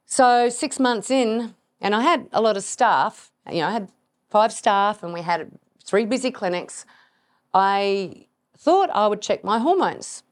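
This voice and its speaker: A middle-aged woman hosting a podcast, telling a personal story in an animated way, laughing and acting out her own reactions. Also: medium pitch, measured pace. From Australia. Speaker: podcast host.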